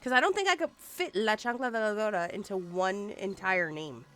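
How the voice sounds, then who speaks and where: A woman's voice: medium pitch, normal speed. A woman streaming a game, chatting casually and playfully, humming and singing little snippets as she plays. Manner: animated and playful, hums and sings snippets. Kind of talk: casual live-stream chat while gaming.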